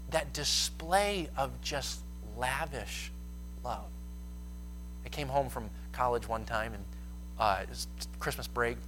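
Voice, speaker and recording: A man's voice: a little high, bright, forceful tone, poor audio. A young man preaching a sermon, telling stories and acting out quoted lines with rising intensity.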